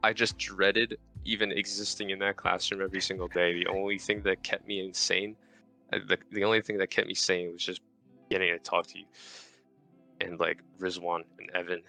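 A young man with a bright, forceful tone and a lowish pitch tells a rambling story as a podcast guest. He is self-mocking and swears freely, in loose casual chat over a voice call. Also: flat delivery, brisk, creaky, soft background music.

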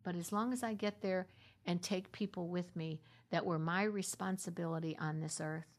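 A middle-aged woman minister telling her story in a heartfelt conversational way, sinking into a soft half-whisper at tender moments. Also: fairly low pitch, steady tone, moderate pace.

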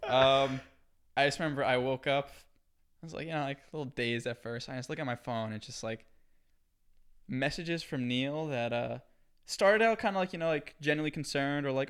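Quick, smooth-voiced young man. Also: mid-range voice, a bit bright. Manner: wry, self-deprecating storyteller. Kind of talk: casual chat.

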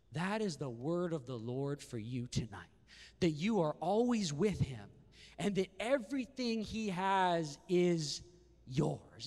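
Animated preacher in a reverberant hall. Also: male voice, on the high side, measured pace. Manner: animated, rhetorical questions, acts out the brothers' lines. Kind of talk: sermon. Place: church sanctuary.

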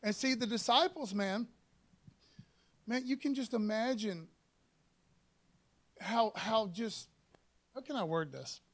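Casting: male preacher, high voice, folksy sermon, drops "man" and "amen," reads verses slow and loud. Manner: slows down and gets louder to read scripture.

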